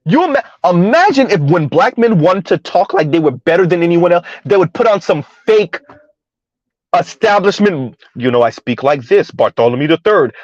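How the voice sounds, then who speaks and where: A man giving a heated, emphatic commentary rant on his vlog, repeating his points loudly. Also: high-pitched, no echo, lo-fi sound. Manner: loud, emphatic, repeats points, laughs at times. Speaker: commentary vlogger.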